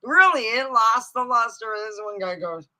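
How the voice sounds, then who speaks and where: A woman host telling funny family stories on a live stream, animated, often laughing and jumping into high excited squeals. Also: moderate pace, a little hiss or hum, low-quality recording. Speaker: comedic storyteller hosting a live stream. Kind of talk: casual stand-up style family storytelling. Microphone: streaming mic.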